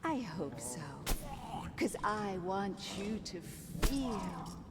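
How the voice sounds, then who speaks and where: Sweetly menacing nurse. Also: female voice, medium pitch, very animated, drawn-out words, over loud music. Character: cruel sinister female nurse, adult. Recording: far-off game audio under loud noise.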